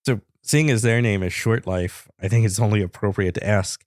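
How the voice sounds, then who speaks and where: A man's voice: fairly low pitch, normal speed, no room sound. A man co-hosting a podcast in casual banter, telling the story in a dry, matter-of-fact way. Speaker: podcast co-host.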